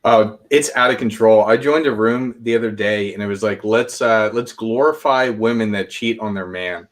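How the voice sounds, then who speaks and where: A man with a low voice guests on a casual chat. He speaks in a measured way and pauses now and then to find his words.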